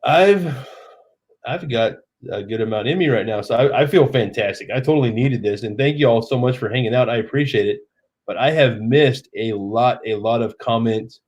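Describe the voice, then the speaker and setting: Man in his thirties, tipsy, chatty and rambling, casual live stream host, medium pitch. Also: normal speed, a little mellow. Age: 30s.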